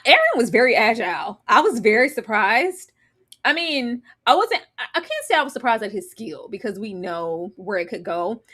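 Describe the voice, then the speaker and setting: A woman co-hosting a casual TV episode recap, high-pitched and full of swings in pitch. She tells the story in an animated way and acts out how she yelled at the screen. It is loose, easy chat. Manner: animated, re-enacts her own yelling at the screen. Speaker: podcast co-host.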